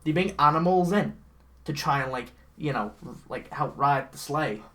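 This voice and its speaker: A man co-hosting a casual comedy podcast, animatedly recapping a bad movie with lots of swearing and quick character impressions. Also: a little high. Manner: animated, swearing, mimics characters mid-story. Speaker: podcast co-host.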